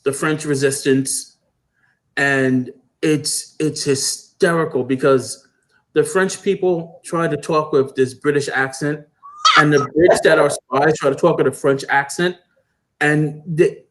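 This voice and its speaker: A man's voice: fairly high pitch, a little slow. A man animatedly recounting a show in casual livestream chat over a video call. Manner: animated storyteller. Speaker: panel guest.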